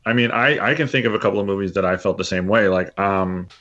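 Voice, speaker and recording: Deep-voiced man musing on films. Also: a bit bright, lo-fi sound. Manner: musing, rambling, quick to laugh. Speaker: podcast co-host. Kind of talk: casual film review chat.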